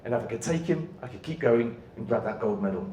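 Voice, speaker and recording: A man giving a motivational keynote talk, telling his story dramatically with bursts of shouting in a large venue. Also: medium pitch, lively intonation, fast, far from the mic, a little hiss or hum. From Great Britain. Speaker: motivational speaker. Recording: echoey venue hall.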